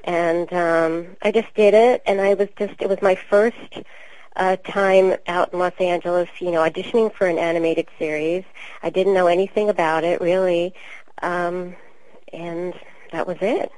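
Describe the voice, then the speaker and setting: New york lady, kinda low voice, chatty and relaxed, dry sound. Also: moderate pace, no echo, low-quality recording. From Queens, New York. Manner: chatty, storytelling, relaxed with many fillers. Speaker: voice actor guest. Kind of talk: casual interview talk.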